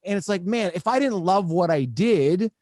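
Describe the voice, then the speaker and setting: A man's voice: high voice, expressive, normal speed, darkish tone, no echo, studio quality. A man hosting a podcast, talking casually and joking, with lots of "like" and "right?". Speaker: podcast host. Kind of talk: casual interview chat. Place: home podcast studio.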